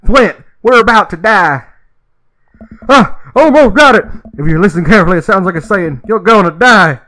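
A man's voice: high-pitched, animated, normal speed, no echo, pitched above the performer's own voice. A man doing a panicky redneck trucker. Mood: panicked. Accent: put-on Southern US rural. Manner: loud, panicky, twangy. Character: panicky redneck ghost-hunting truckers, male.

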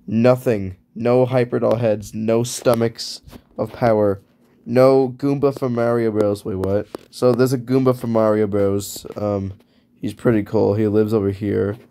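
Gravelly man rambling offhand. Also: fairly low pitch, level tone, unhurried, warm tone. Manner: rambling, self-correcting, offhand. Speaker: video creator. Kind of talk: casual narration while drawing.

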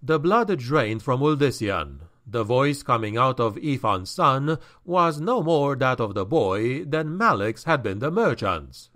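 A male narrator reads a dark fantasy novel in a slow, deliberate tempo. His pitch rises and falls expressively to heighten the drama. His delivery sounds scripted and carefully paced. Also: sing-song. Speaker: audiobook narrator.

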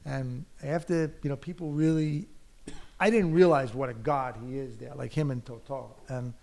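A man's voice: mid-range voice, steady tone, moderate pace, creaky, dark tone. A man from the United States, a film director and actor, talking animatedly as a guest in an onstage conversation, full of "you know" and laughter.

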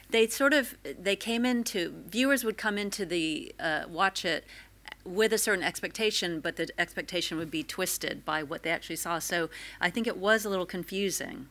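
An American woman, a former TV presenter, reflecting in a wry, playful way at a live Q&A, with frequent "um" and "uh" pauses. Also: mid-range voice, bright, forceful tone. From United States. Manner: wry, playful, with many 'um' and 'uh' pauses. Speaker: former TV presenter, panel guest. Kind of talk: reflective anecdotal talk at a live Q&A. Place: stage at a live film-institute Q&A event.

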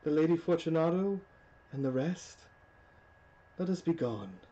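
A woman voicing a drunken Italian nobleman who laughs hysterically and talks slowly, in a dramatic reading of a horror tale. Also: low voice, animated, mellow. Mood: uneasy pleading. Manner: slow, hysterical laughing delivery. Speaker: library staff reader. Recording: dull lo-fi recording.

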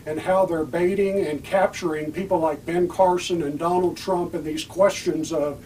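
A man with a fairly high voice hosts a political talk show, pressing his points in a heated, emphatic way. He sounds a little distant from the mic, with a faint hiss underneath. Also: steady tone, moderate pace, darkish tone. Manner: heated, emphatic, repeats key words. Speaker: podcast host.

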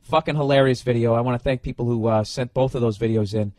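A man's voice: medium pitch, fast, no echo, studio quality. A middle-aged man hosting a podcast, telling stories and ranting casually with lots of swearing and loose restarts. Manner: profane, animated, loose storytelling. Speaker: podcast host.

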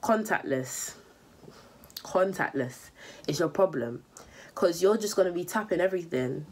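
A woman's voice: fairly low pitch, moderate pace, slightly rough. A young woman, bluntly scolding viewers with money advice in a vlog. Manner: blunt, scolding, repetitive, slangy. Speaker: vlogger.

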